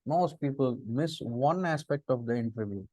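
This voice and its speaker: A middle-aged man with an Indian English accent gives a lecture on interview skills. His voice sits in a middle pitch and swings up to stress key words, and he keeps firing rhetorical questions. The sound is dry and close, with no room echo. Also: animated, normal speed, darkish tone. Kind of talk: lecture on interview body language.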